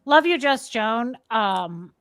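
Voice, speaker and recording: A woman co-hosting a casual live stream, telling a story with animated energy and thanking viewers by name. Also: fairly high pitch, slow pace, clear, resonant tone, no echo.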